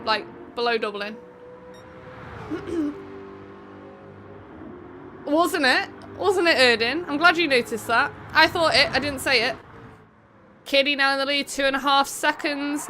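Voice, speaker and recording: A slight hiss or hum sits under this woman's high, sharp voice. Hosting an online racing event on stream, the English streamer from England chats with viewers, greeting them by name, and delivers fast race commentary.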